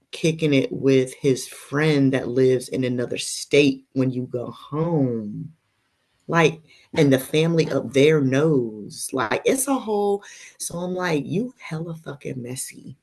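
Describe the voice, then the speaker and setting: Low voiced woman cohost, aave, takes her time, gossipy candid stories. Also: darkish tone. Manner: candid, storytelling, drops to a whisper for gossip. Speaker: podcast co-host. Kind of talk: casual chat.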